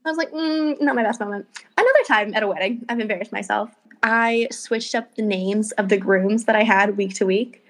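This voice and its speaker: A woman's voice: mid-range voice, fairly quick, a bit bright. A young woman co-hosting a casual podcast, telling stories with animation and acting out her own lines. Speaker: podcast co-host. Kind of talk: casual chat.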